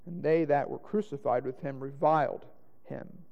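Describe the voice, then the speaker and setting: A man's voice: medium pitch, moderate pace, gravelly, highs cut off. Man reading scripture in an echoing hall. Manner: dramatic, rising to loud exclaims on quoted lines. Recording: long hall reverb.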